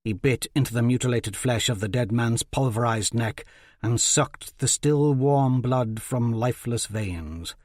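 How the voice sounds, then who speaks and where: A man reading a dark fantasy audiobook in a measured, dramatic narration. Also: mid-range voice, no echo, clean studio sound. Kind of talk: scripted narration.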